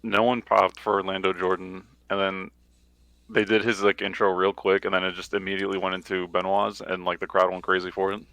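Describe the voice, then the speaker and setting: A man co-hosting a podcast, recapping an old wrestling episode in relaxed chat with many filler words and dry quips. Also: low-pitched, brisk, no room sound. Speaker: podcast co-host.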